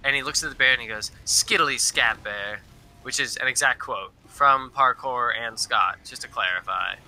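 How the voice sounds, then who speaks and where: A man's voice: mid-range voice, moderate pace, bright, forceful tone. Rambling young man telling a story. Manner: rambling, filler-heavy, quotes people. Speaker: storyteller guest. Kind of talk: casual storytelling.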